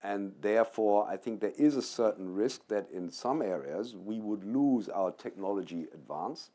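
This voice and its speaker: Measured man with a mellow low voice. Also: animated. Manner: measured, explanatory, with fillers. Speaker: panelist from the plant breeding sector. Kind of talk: panel discussion.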